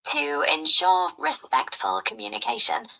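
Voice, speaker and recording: A synthetic female AI assistant voice, polite and measured, with formal phrasing. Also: deep voice, very animated, sharp tone, rough recording.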